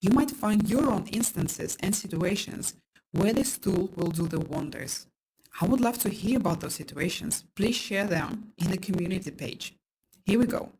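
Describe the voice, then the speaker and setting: A woman narrates a parenting course in a calm, explanatory way, and her voice sits in an ordinary middle range. She leans on key points for emphasis. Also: mid-range voice, normal speed, breathy edge, poor audio. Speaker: parenting instructor.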